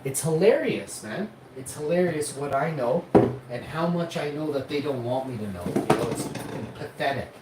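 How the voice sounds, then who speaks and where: A Canadian man chats and grumbles at length while making food at home, rambling and sure of himself. His voice sits back from the camera mic in an echoey room. A steady hiss of household noise runs underneath. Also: on the high side, normal speed, recorded from a distance. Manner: rambling, complaining, self-assured. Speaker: streamer. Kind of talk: casual kitchen vlog talk. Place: home kitchen, cooking.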